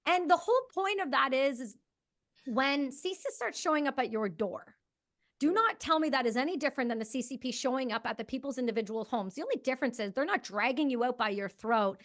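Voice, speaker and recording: A woman's voice: high voice, animated, a little fast, a bit bright. A woman from Canada hosting a podcast interview, speaking bluntly and with passion. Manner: blunt, impassioned, swears freely. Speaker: podcast host. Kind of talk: conversational interview.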